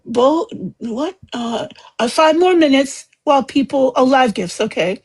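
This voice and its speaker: A woman's voice: high voice, animated, unhurried, a little mellow, slightly rough. A woman hosting a casual livestream chat, rambling and chatty, laughing often. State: eyes watering from chemo. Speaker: livestream host.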